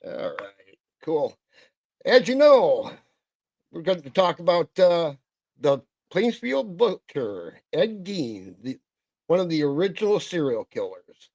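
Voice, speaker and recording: A middle-aged man with a Wisconsin accent hosting a casual livestream, halting and full of fillers and self-corrections. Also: on the high side, big pitch swings, darkish tone, dry recording. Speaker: host of a livestream.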